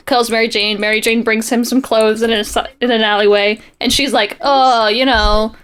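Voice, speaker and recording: Young woman on a podcast, fairly high voice, chatty and sarcastic, laughs a lot. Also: level tone, brisk, a bit bright, clean tone. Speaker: podcast co-host. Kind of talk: casual chat recapping a comic.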